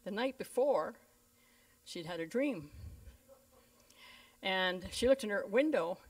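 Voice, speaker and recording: A woman pastor preaching through lively stories, voicing each person she quotes. Her voice sits at a middle pitch and comes from a little way off the microphone. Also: a little slow, pauses often. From Canada. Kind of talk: storytelling sermon. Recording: voice a bit distant from the mic.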